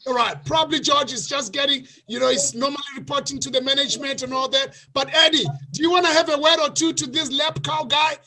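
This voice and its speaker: A man hosting an online sales webinar over a video call, excitable and often shouting to the participants. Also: very high voice, fast, hardly any pauses. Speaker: webinar host.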